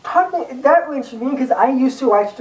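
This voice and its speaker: Speaking very fast in a high voice with a darkish tone, a young YouTuber chats about a book, rambling with lots of fillers and little jokes. The recording is echoey and distant, made in a room where a camera person films her.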